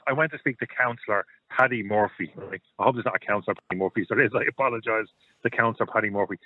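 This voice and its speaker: A man's voice: fairly low pitch, lively intonation, quick pace, husky, no echo. A middle-aged man, telling blunt stories and opinions as a caller on a radio show. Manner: blunt, storytelling, repeats himself. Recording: tinny phone line.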